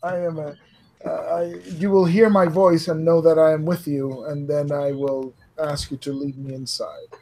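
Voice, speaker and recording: A man playing a tabletop game over a video call, talking hesitantly with many pauses and fillers. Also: on the high side, little pitch movement, warm tone. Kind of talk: casual game chat.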